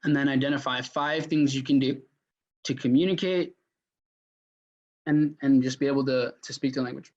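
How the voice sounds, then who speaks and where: A man runs a loose sales workshop at a mid pitch, talking in a chatty way with many fillers and restarts. His voice comes through dull, lo-fi audio. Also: fairly even intonation, normal speed, pauses often, a little mellow. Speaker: mentor teaching a sales workshop. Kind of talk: casual live workshop lecture.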